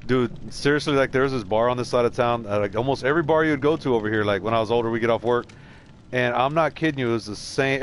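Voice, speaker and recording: Streaming a game, a man from San Antonio, Texas tells rambling, profane stories in casual chat and swears a lot. His voice is a little high and fast, with a bit of hiss or hum.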